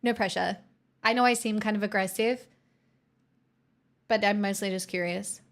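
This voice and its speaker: A woman's voice: medium pitch, fairly even intonation, moderate pace. A woman from the southeastern US hosting a livestream, chatting casually and teasing her viewers as she reads the chat. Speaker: livestream host.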